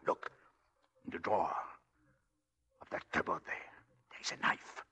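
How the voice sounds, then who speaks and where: An actor playing a scheming husband who coaxes and pleads, in 1940s radio acting. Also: male voice, moderate pace, pushed and bright, close to an everyday voice. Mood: urgent. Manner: coaxing, then desperate.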